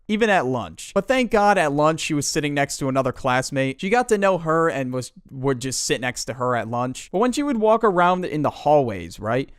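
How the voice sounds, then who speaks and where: A man's voice: a little high, smooth, no room sound, studio quality. A young man narrating a storytime in a casual, slangy and profane way, joking as he goes. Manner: slangy, profane, jokey retelling. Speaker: storytime YouTuber.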